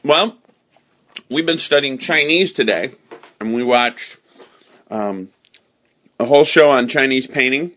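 A man's voice: medium pitch, unhurried, pauses often, a bit bright. A man hosting a casual home podcast, patiently and cheerfully teaching a child new words.

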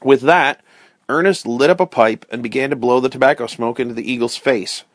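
Male storyteller, first-person read-aloud, steady and clear, dry close recording. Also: medium pitch, fairly quick, no room sound. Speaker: narrator.

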